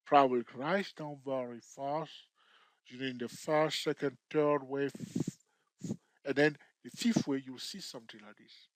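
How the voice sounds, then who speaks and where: A man's voice: medium pitch, steady tone, a little slow, no room sound. A man teaching a chart-trading lesson who keeps checking in with his listeners and jokes now and then. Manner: repetitive, checks in with "okay?" and "all right?"; jokey, laughs at himself. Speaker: trading tutor. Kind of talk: screen-share trading lesson.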